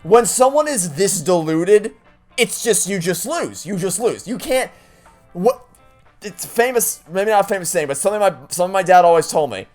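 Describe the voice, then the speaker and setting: A man's voice: high voice, expressive, moderate pace, a little mellow, soft background music. A young man doing let's play commentary, ranting in an exasperated, indignant way with many restarts.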